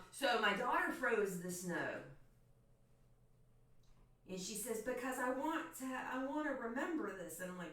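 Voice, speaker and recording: A woman's voice: medium pitch, a bit bright, a little hiss or hum. A woman in her thirties from Florida, telling a profane, joking story casually to her stream chat. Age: 30s. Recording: echoey room, far from mic.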